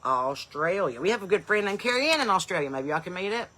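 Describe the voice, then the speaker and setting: A woman hosts a live stream in an easy, chatty way. Her voice is bright and forward, and she calls out viewers' places with eager, loud bursts before talking on casually. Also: on the low side, sing-song, fast. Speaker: comedian and podcast host.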